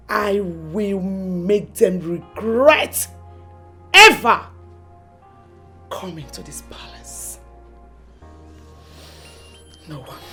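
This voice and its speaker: An actress with a Nigerian accent playing a ruthless, scheming royal mother who threatens her rivals in slow, menacing speech. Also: on the low side, warm tone. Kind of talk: film acting.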